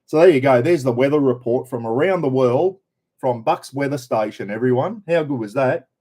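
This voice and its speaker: A man's voice: mid-range voice, moderate pace, mellow. An older Australian man hosting a casual live stream, chatting and greeting viewers by name.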